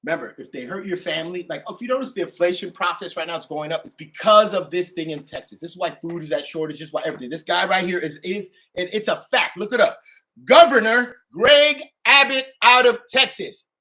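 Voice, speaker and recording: A middle-aged man delivering a profane, ranting monologue to his channel, swinging between loud outbursts and low mutters. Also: fairly quick. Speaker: channel host.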